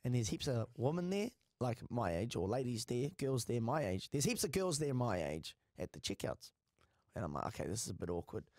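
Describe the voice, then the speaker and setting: A young man with a New Zealand accent, co-hosting a podcast and telling stories in a crude, slangy, animated way. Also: medium pitch, normal speed, no echo, studio quality. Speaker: podcast co-host. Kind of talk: casual podcast chat.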